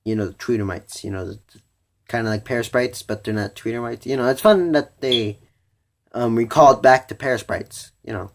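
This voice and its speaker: A man's voice: medium pitch, brisk. A teenage boy in a casual video review, rambling with many "you know"s and "like"s, restarting his sentences as he thinks aloud. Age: teens. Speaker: vlogger reviewing a cartoon episode.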